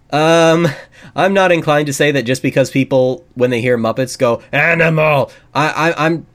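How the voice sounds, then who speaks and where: A man co-hosting a podcast, chatting casually and hedging with lots of fillers. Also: medium pitch. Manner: hesitant, hedging, many fillers. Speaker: podcast co-host.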